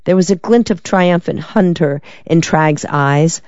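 An audiobook narrator reading a crime story in an even, measured way. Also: medium pitch, dry recording, muffled recording. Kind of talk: scripted narration.

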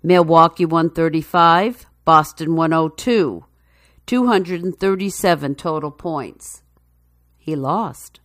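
A woman reading a news feature story in a measured, even narration. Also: sits low, no echo, studio quality.

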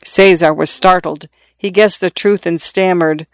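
Audiobook narrator, measured storytelling, mid pitch, smooth resonant voice. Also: fairly even intonation, dry recording.

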